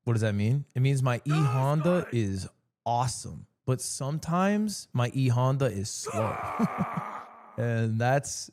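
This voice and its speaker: A man streaming, telling jokey stories to his chat in a casual, animated way. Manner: joking, animated storytelling with sudden pitch jumps.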